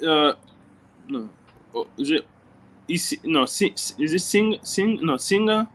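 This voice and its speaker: A man student in a language class, hesitating and trying answers out loud. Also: on the high side, expressive, measured pace, rough recording. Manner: hesitant, tries answers aloud.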